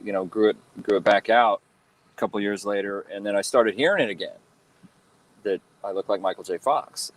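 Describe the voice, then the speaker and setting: A man in his thirties, a guest telling stories in a relaxed interview, rambling with lots of fillers and restarts. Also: on the low side, poor audio. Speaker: guest, fan-film actor and cosplayer. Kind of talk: casual interview chat.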